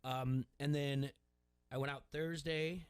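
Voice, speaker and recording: A man's voice: fairly high pitch, steady tone, takes it slowly, clean tone, no echo. A man hosting a sports radio show, talking loosely with lots of likes and you-knows. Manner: loose, filler-heavy conversational delivery. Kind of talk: casual radio talk. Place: radio studio.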